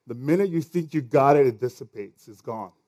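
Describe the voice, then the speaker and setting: A man preaching a sermon in a conversational way, full of fillers, swinging between loud lines and hushed ones. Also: mid-range voice, brisk.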